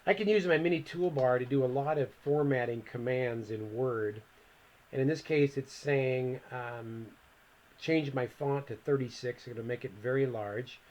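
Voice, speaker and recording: Male instructor, mid-pitched, easygoing step-by-step screen tutorial narration. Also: normal speed, dull audio. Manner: relaxed step-by-step walkthrough, thinking aloud. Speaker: computer instructor. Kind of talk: screen-recorded software tutorial.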